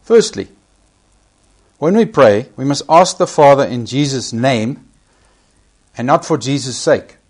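A man's voice: mid-range voice, lively intonation, a little slow, pauses often, a little mellow. A man preaching a sermon, emphatic, repeating key phrases and rising sharply when he quotes scripture.

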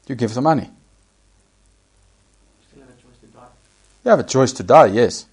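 A man's voice: mid-range voice, darkish tone. A man preaching a sermon, emphatic, repeating key phrases and rising sharply when he quotes scripture.

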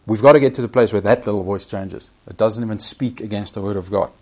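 A man's voice: on the low side, quick pace, darkish tone. A man preaching a sermon, emphatic, repeating key phrases and rising sharply when he quotes scripture.

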